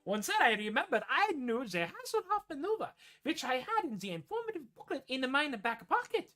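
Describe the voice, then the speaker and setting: A woman's voice: high voice, very animated, moderate pace, a bit bright, pitched above the performer's own voice. Bavarian-accented tavern balladeer, boastful and rowdy, half-sung over guitar, put on by a woman. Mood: swaggering.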